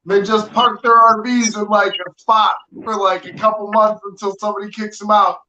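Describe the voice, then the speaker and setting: A man from the United States talks in a high voice, easygoing and loose, dropping "like" often. His voice is muffled and lo-fi, with a clear hiss under it. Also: little pitch movement, moderate pace. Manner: easygoing, many fillers like "like". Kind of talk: casual chat.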